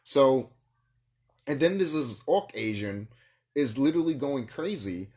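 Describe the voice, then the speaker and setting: A man's voice: medium pitch, lively intonation, unhurried, darkish tone. A man vlogging in a rambling solo monologue, ranting and swearing, with bursts of laughter.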